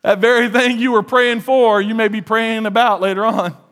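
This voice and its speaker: A man preaching a sermon as pastor, animated, with shouted quotes and joking asides. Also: high voice, moderate pace.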